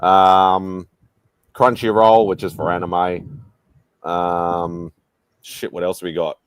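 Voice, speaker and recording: Hesitant low-voiced man. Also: flat delivery, slow pace, smooth, no room sound. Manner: rambling, hesitant, lots of ums. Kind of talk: casual online hangout chat.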